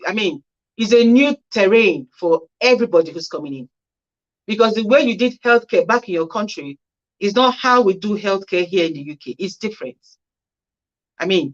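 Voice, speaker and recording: A female care worker with a mid-range voice hosts a casual livestream, reading viewer comments aloud and answering each one with chatty, practical advice. The audio has its highs cut off.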